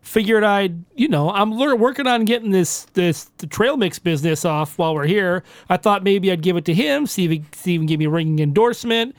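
Man, player, high voice, rambling, dry close recording. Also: lively intonation, brisk, few pauses, no room sound. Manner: rambling, stammering. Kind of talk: casual in-character banter.

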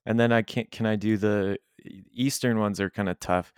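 A young man chatting casually as podcast co-host, animated and rambling, laughing often. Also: on the low side, normal speed, clean tone, dry recording, studio quality. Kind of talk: casual chat.

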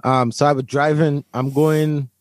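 A man's voice: on the high side, level tone, unhurried, no echo. A man from Brooklyn, New York, telling a personal story to an interviewer in a vivid, emphatic way, often repeating his words. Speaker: interview guest. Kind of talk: storytelling in conversation.

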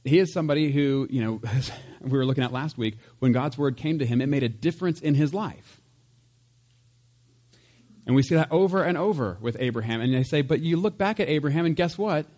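A man's voice: medium pitch, brisk, mellow. Guy giving a laid-back sermon, chatty, laughs as he goes, mid voice. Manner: conversational and chatty, with laughs and asides. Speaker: pastor. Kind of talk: casual sermon.

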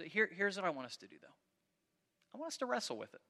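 A male pastor delivering a sermon with a high, piercing voice that rings in a long hall reverb. He reads scripture in a heightened, dramatic way, then drops into loose, conversational asides that stop and restart mid-sentence. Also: fast, vocal fry. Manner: animated preaching, reads scripture aloud dramatically; conversational, self-interrupting.

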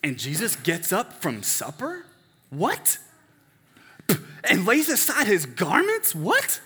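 A man putting on a loud, incredulous male sports pundit who shouts his disbelieving questions higher and higher. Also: huge pitch swings, slow, husky, heavily acted. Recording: echoey hall.

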